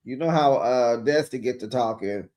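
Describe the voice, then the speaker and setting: A man giving a sassy, animated recap of a reality show, talking straight to his viewers. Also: mid-range voice. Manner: acts out the cast's lines in quick bits. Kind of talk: casual recap commentary.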